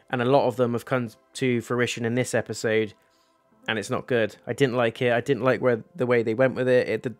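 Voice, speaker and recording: A young man giving a casual, rambling review of a TV episode, talking candidly and swearing now and then. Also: medium pitch.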